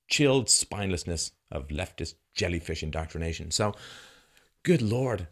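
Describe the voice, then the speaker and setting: A male commentary host giving an emphatic, sarcastic monologue full of rhetorical questions and chuckles, dropping from loud mocking peaks to low, grave tones. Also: lively intonation, moderate pace. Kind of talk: commentary monologue reacting to a news segment.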